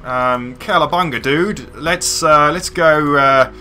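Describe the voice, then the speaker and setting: A man putting on a mock Australian accent to play a loud, hammy caricature of a boisterous Australian bloke, rambling with fillers. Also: on the high side, slow, pitched above the performer's own voice, heavily acted.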